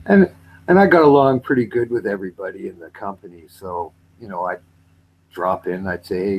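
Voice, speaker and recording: A man's voice: low-pitched, brisk, slight background noise, rough recording. A man in casual chat, rambling about his railway job and likes to mimic accents for laughs. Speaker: retired railway worker.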